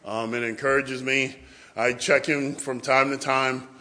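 A man telling lively stories in a tribute to his pastor at a church service, acting out the quotes and laughing along. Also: mid-range voice, measured pace. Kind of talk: anecdotal storytelling speech.

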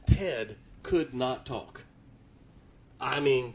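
A middle-aged preacher delivers a sermon in a church, telling homespun stories in a folksy drawl. His voice sits at an ordinary male pitch. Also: slow, pauses often, slight background noise. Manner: folksy storytelling preacher, mimics stuttering. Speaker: pastor.

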